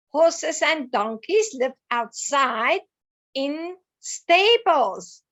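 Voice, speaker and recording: Woman, children's lesson, high bouncy voice, slow patient delivery, bright tone. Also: expressive. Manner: sing-song, coaxing, asks young listeners questions. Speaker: teacher.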